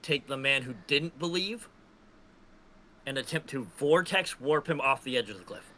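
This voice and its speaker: A man playing a tabletop game, eagerly planning his character's moves out loud. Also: medium pitch, normal speed, a little hiss or hum. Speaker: player.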